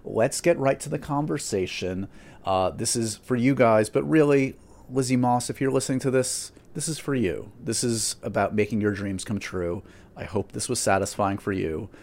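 A man's voice: medium pitch, normal speed, creaky, a little mellow. A man hosting a podcast in casual chat, talkative and self-deprecating, with many fillers and restarts. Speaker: podcast host.

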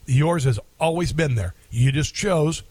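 A man's voice: on the high side, unhurried, a little mellow, breathy edge, no room sound. A middle-aged man hosting a talk radio show, delivering an opinionated monologue in a combative, indignant tone and repeating phrases for emphasis.

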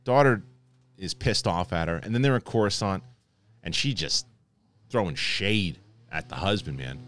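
A man hosting a casual spoiler review, talking excitably and rambling with many restarts. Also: deep voice, moderate pace. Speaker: host reviewing a TV episode.

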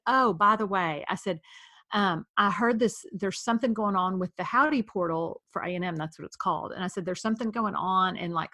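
A woman hosting a podcast, telling a story in casual chat and acting out what everyone said. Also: fairly low pitch. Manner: animated, acting out quoted dialogue. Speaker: podcast host.

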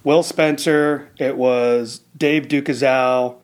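A man's voice: mid-range voice, fairly even intonation, slow, slight background noise. A man in his fifties from the United States, a former Navy SEAL officer, telling his story in an earnest, reflective way with frequent restarts. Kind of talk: casual conversational storytelling.

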